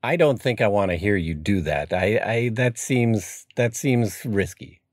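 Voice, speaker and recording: A man co-hosting a podcast, speaking in a measured, earnest way. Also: on the low side, lively intonation, no echo, clean studio sound. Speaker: podcast co-host. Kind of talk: casual podcast chat.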